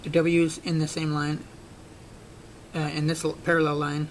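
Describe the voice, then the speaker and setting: A man's voice: monotone, fairly quick, poor audio. A man, thinking aloud as he works through a puzzle, with many fillers and restarts. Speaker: puzzle-solving video creator. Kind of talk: casual on-screen analysis. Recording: faint rumbling background noise.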